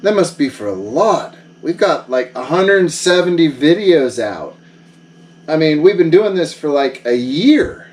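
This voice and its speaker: A man's voice: a little high, big pitch swings, unhurried, far from the mic. A man who runs a vlog, bragging and bossing people around in a jokey one-sided phone call. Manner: boastful, mock-bossy, joking. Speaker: vlogger.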